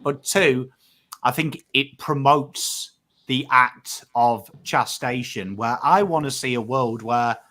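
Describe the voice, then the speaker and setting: An emotive Australian man co-hosts a casual podcast in a medium-pitched, bright, forceful voice at a slow pace. He talks emphatically, swears freely, and acts out what he tells his mates.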